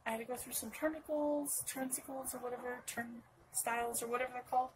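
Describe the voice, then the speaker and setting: A woman's voice: on the high side, steady tone, quick pace, a little hiss or hum, rough recording. A young woman from Northern California telling a personal story to camera in a rambling way, full of restarts and asides. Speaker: vlogger.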